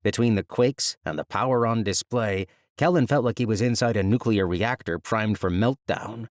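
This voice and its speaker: Low-voiced man narrating a fantasy audiobook. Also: no echo, studio quality. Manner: measured, even storytelling.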